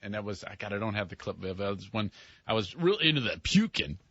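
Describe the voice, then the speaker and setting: A male radio host telling stories in animated, casual banter and acting out the people in them. His voice is bright and a little husky, and it sounds dull and lo-fi in a dry studio. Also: on the low side, fast, no echo. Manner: animated storyteller, mimics others and himself.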